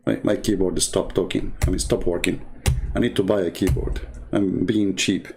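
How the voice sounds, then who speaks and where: A man's voice: deep voice, fairly even intonation, moderate pace, gravelly, darkish tone, slight background noise. A male host who is not a native English speaker tells a story in a joking, rambling way, packed with "you know" fillers. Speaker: channel host.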